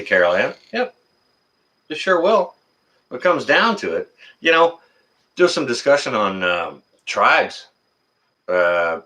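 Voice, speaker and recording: A middle-aged man hosts a casual live stream in a medium-pitched, pushed, bright voice, reading the chat and answering viewers by name in a folksy, teasing way.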